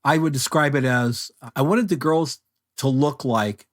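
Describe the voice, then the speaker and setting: Older male guest, mid-pitched voice, easygoing anecdotal delivery, casual interview. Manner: unhurried anecdotal storyteller. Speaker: guest photographer.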